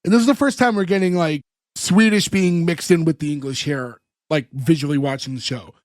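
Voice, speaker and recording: Fairly high in pitch and brisk, this man's voice comes through a dry, studio-quality recording. He co-hosts a podcast, retelling a sitcom episode with energy and acting out the lines he quotes.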